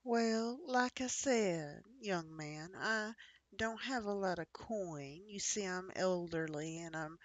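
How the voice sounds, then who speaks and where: A woman's voice: fairly low pitch, takes it slowly, dry recording. A woman voicing an elderly woman who sweet-talks a shopkeeper and pleads poverty. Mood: pleading. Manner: sweet-talking, calls people dear.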